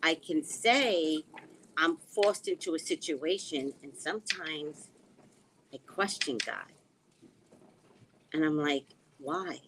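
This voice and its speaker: Slow reflective woman, low-ish voice, goes quiet and hushed a lot. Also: expressive, noisy background. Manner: slow, musing, often drops to a hushed tone. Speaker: spiritual reader and vlogger. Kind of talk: reflective personal talk. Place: living in the Caribbean.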